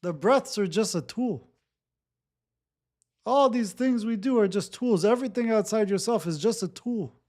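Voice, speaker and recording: Slow-speaking man guiding breathwork. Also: sits high, expressive. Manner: slow, repetitive, gently instructive. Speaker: breathwork facilitator. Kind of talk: guided breathwork talk.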